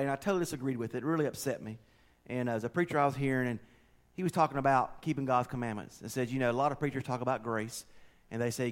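A middle-aged man preaching a folksy, conversational sermon, swinging between loud and quiet. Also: medium pitch, fast talker. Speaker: pastor.

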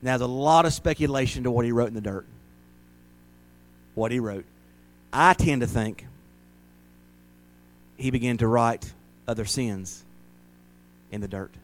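A man's voice: medium pitch, measured pace, pauses often. Folksy preacher man. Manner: folksy and conversational, rising to loud dramatic shouts when acting out the crowd. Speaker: pastor. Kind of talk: sermon. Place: church.

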